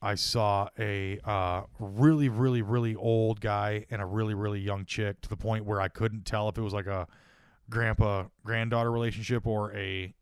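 A man's voice: lowish voice, little pitch movement, normal speed, clean tone, dry recording, clean studio sound. A man co-hosting a podcast, telling crude, joking stories in casual chat and laughing often. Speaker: podcast co-host.

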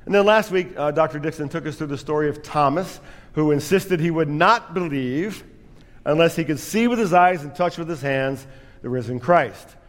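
A man's voice: a little high, normal speed, in a large hall. A man preaching a sermon as pastor, telling a story with self-deprecating humor.

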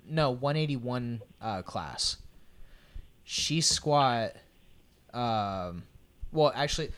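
A man co-hosting a podcast, telling lifting stories in an animated, excited way with casual swearing. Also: medium pitch, slight background noise. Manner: animated, hyped storytelling, swearing. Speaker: podcast co-host, powerlifter. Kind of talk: casual chat.

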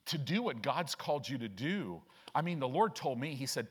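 Guy preaching a sermon in church, lots of pitch swings, keeps asking the crowd stuff. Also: normal speed, hardly any pauses, breathy edge. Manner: conversational preaching with frequent "right?" asides; lively, acts out quoted voices and reads scripture aloud. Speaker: pastor. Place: church sanctuary.

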